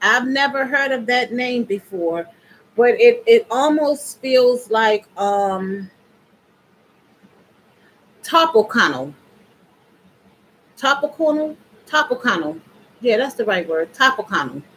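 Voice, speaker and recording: Woman vlogger, fairly high voice, unhurried chatty delivery, talks straight to camera. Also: a bit bright, a little hiss or hum, poor audio. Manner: chatty, addresses viewers directly. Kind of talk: casual vlog chat.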